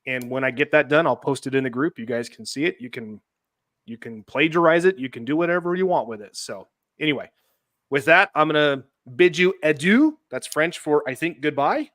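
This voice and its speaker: A man's voice: on the high side, expressive, brisk, a bit bright, no room sound. Dry-sounding chatty male podcast host. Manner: chatty, laughing asides, reads documents aloud. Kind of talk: casual podcast chat.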